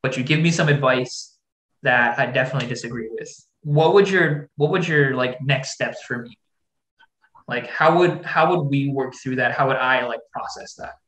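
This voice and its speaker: Young guy interviewing, halting and thoughtful, lots of ums, roomy echo. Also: medium pitch, a bit bright. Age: young adult. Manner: hesitant, thoughtful, many fillers. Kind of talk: podcast interview. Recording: echoey room.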